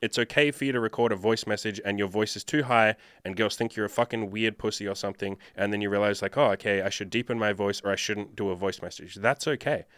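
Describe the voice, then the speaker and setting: A man's voice: fairly low pitch, fairly even intonation, fast talker, hardly any pauses, fairly bright tone, smooth, dry recording, clean studio sound. A man working as a dating coach, answering viewer questions in a blunt, profane, lecturing monologue.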